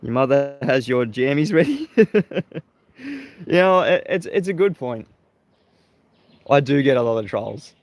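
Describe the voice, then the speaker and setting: An Australian man hosts a live stream and chats straight to his viewers. He sounds combative and mocking, and he laughs often at his critics. His voice sits at a middle pitch. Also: no room sound. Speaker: livestream host.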